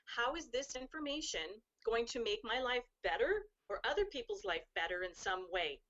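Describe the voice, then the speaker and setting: A woman's voice: on the high side, sing-song, moderate pace, a bit bright, lo-fi sound. A woman speaking as a guest, giving earnest, flowing advice in casual chat.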